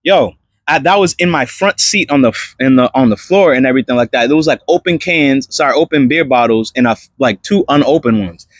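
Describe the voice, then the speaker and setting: A young man casually telling a personal testimony story in an animated, slangy way, full of fillers and restarts. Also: medium pitch, a little fast, no echo.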